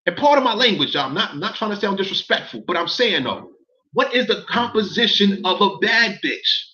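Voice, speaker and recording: A man rants on a livestream, with a lively voice that swings all over. His tone is bright and forceful, and he keeps repeating phrases and swearing. The stream audio sounds dull and lo-fi. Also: high-pitched, brisk. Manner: heated, profane, repeats phrases, talks to chat. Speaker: livestream commentator. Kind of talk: casual livestream rant.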